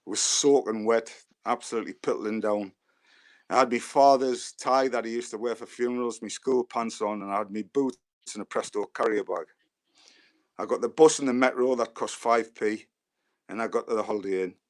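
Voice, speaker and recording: A man in his fifties with a Geordie accent, a former footballer telling lively anecdotes as a guest. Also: on the low side, normal speed. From Newcastle, England. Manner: lively storyteller who acts out the voices of others.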